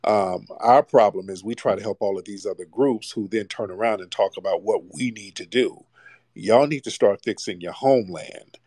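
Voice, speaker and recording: A man's voice: lowish voice, moderate pace, darkish tone, no room sound. A man hosting a live call-in stream, talking bluntly and mockingly down to his callers. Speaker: livestream host. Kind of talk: casual live call-in chat.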